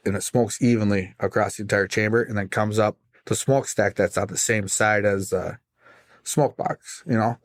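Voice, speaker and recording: A man, a guest pitmaster, telling his story in casual, animated chat on a studio podcast. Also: fairly low pitch, no echo. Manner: animated, acts out voices in his stories.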